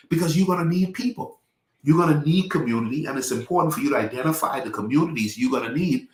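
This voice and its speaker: Folksy preacher in an echoey room. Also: male voice, fairly high pitch. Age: 40s. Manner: conversational Southern preacher, folksy, calls out to listeners. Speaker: pastor. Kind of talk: live-streamed teaching.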